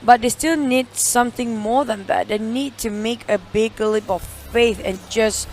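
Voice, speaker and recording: An esports caster chatting casually between matches, informal and quick to laugh. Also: medium pitch, fairly even intonation, slight background noise.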